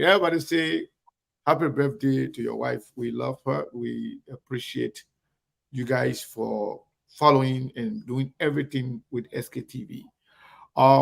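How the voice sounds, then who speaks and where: A man's voice: medium pitch, gravelly. A man hosting an online talk show, greeting viewers by name and speaking emphatically and directly to his audience. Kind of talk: live show shout-outs and commentary.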